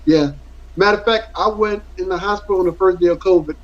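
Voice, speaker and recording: On dull lo-fi audio, a middle-aged man who once played football tells his story as an interview guest, candid, earnest and rambling, repeating words for emphasis. He talks fast in a voice that sits high.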